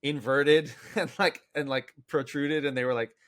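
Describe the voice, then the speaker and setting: Male podcast co-host, casual rambling storyteller who acts out quotes, mid pitch, dry close mic. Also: fairly even intonation, moderate pace, fairly bright tone, dry recording. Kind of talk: casual storytelling among friends.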